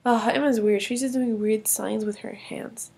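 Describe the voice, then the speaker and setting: A grumpy, impatient boy voiced by a woman in a toy film, pitched a little lower than a small child, with a gravelly edge. He brushes others off irritably. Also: lively intonation, moderate pace, heavily acted. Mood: annoyed. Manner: irritated and dismissive. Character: grumpy young boy, impatient big brother.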